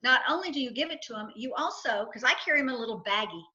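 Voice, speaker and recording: Very fast and expressive, a middle-aged woman guesting on an interview tells emphatic stories with acted quotes and repeats her points for effect; she is a financial advisor and entrepreneur. Her voice is a little high, bright, and forceful. The recording sounds muffled.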